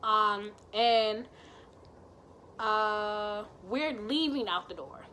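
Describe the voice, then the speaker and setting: A young woman telling a story in a casual vlog, animated and expressive, swearing freely. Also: medium pitch, very slow, a little hiss or hum. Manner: animated, expressive and profane, with lots of "like" and exclamations. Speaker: vlogger.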